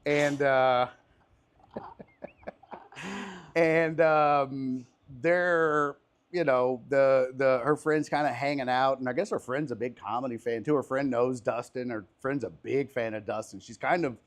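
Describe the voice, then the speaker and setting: A man's voice: medium pitch, takes it slowly. A man hosting a casual podcast chat, a comedian telling profane, rambling stories on an outdoor patio. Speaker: podcast host and stand-up comedian.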